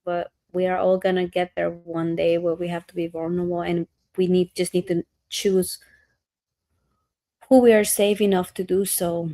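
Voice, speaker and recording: A woman's voice: on the low side, flat delivery, moderate pace, mellow, no echo. A woman in her thirties co-hosting a podcast, telling earnest parenting stories in casual chat. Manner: earnest, storytelling, acts out quotes. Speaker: podcast co-host.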